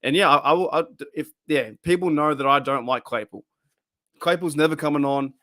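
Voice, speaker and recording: An Australian man hosting a live fan stream, his voice sitting a little high for a man. He rambles, laughs often and restarts his sentences mid-thought. The sound is close and dry, with no room around it. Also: fairly quick, a bit bright, no room sound. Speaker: fan channel host. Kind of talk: casual live-stream chat.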